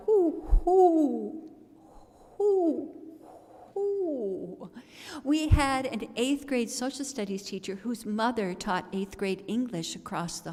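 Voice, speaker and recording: Theatrical woman storyteller, unhurried. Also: fairly high pitch. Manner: theatrical, comic, expressive delivery. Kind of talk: performed storytelling at a service. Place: large worship hall. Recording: long reverb of a large hall.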